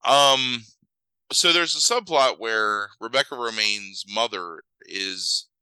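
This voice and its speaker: A man recapping a movie in casual chat, rambling and swearing freely, acting out scenes in quick mock voices. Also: lowish voice, pushed and bright, clean tone, no echo, low-quality recording. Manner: swears freely, lots of fillers. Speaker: podcast host.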